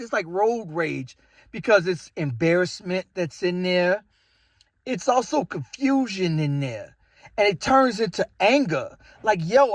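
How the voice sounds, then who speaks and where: A vlogger in his thirties from the Chicago area rants casually about dating and acts out bits of the story. He's animated and jumps into quoted voices. His voice is high-pitched, and the recording is dry.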